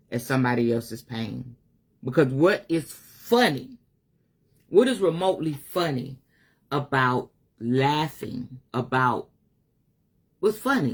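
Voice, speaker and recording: A woman, talking heartfelt and unscripted on a livestream, weary at times, laughing at others, swearing freely. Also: a bass voice. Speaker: spiritual life coach on a live stream. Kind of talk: emotional casual livestream monologue.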